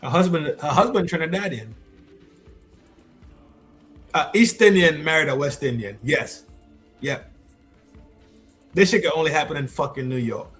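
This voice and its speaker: A man hosting a stream, reacting to clips with loud, profane casual commentary that repeats itself. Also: a little high, animated, normal speed, pauses often, soft background music. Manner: loud, swearing, repeats himself.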